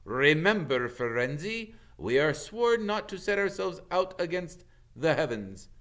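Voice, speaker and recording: A man reading a storybook aloud, voicing a proud, fierce male centaur who scolds in loud, angry shouts. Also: a little high, sing-song, unhurried, voice pushed up. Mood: stern. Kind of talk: audiobook reading of a novel.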